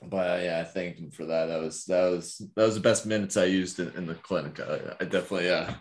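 A man with a fairly low voice chatting casually about his clinic days. He rambles, circling back through fillers and restarts as he tells a story. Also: steady tone, a little fast. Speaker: physical therapist, podcast co-host.

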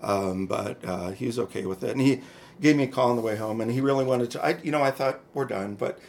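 A man's voice: mid-range voice, quick pace, creaky, a little mellow, slight background noise. A man co-hosting a podcast, telling personal stories to his friends in a frank, chatty way. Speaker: podcast co-host. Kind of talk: candid personal storytelling.

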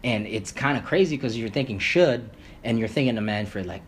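Rambling, animated man, faint background hiss. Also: fairly low pitch, brisk. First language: Creole. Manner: rambling, animated, swears, many fillers and restarts. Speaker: podcast guest. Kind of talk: casual conversation.

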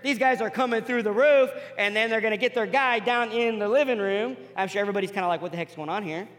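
Man, pastor, sermon, high-pitched, acts out characters, reverberant church hall. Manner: animated, acts out the people in the story with quick voice changes; drops to soft, quiet emphasis on key points.

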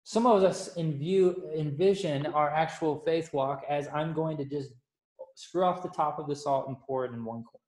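A man's voice: on the high side, normal speed, darkish tone. A man giving a casual, playful sermon that keeps asking the audience questions. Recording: echoey room.

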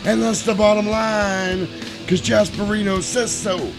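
A man putting on the voice of a menacing male pro wrestler, growling slow threats. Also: high-pitched, steady tone, over music, pitched above the performer's own voice. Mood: menacing swagger.

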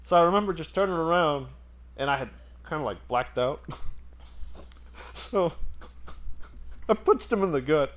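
A man's voice: fairly high pitch, expressive, unhurried, long pauses, slight background noise. A man telling a story in casual chat, rambling and laughing as he goes.

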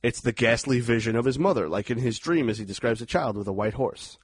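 A man co-hosting a podcast, chatting casually as he recaps a horror movie scene by scene, animated and quick to act out outbursts. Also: mid-range voice, breathy edge, no echo. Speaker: podcast co-host. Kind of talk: casual movie review chat.

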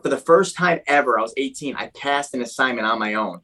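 Young adult man, animated, chatty guest recounting his past in a mid-range voice. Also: mid-range voice, fairly quick, low-quality recording. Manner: animated, heavy use of "like" and "dude". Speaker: guest telling his life story. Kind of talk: casual storytelling.

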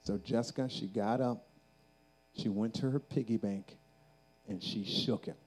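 Male camp preacher, dark mellow voice, storytelling into urgent exhortation. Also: on the low side, a little slow, rough recording. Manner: storytelling that builds to fervent exhortation. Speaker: speaker at a youth camp. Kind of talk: sermon.

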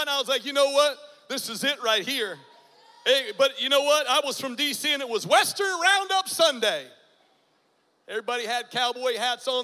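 A man in his forties giving a dramatic testimony sermon, swinging from hushed storytelling to loud bursts. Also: very high voice. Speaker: guest preacher. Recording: long hall reverb.

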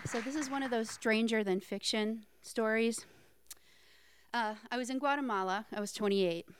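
A woman's voice: a little high, moderate pace. A woman in her thirties telling a personal story on stage in a plain, matter-of-fact way.

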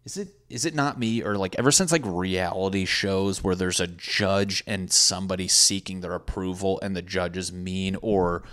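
A man's voice: low voice, steady tone, moderate pace, few pauses, fairly bright tone. A young man talking casually as a podcast host, profane and sarcastic, mocking people in put-on voices. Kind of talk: casual rambling monologue.

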